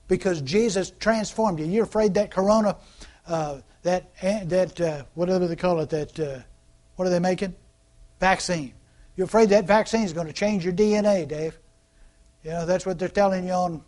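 A pastor delivers his sermon in a relaxed, talkative way, asking the congregation questions and slipping into mocking voices to act out what people say. His voice sits fairly high for a man. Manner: conversational preaching with rhetorical questions and call-outs; acts out quoted voices mockingly.

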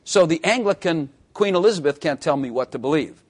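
A man's voice: fairly high pitch, animated, brisk, breathy edge. A man preaching a sermon, emphatic, repeating phrases and asking the congregation questions.

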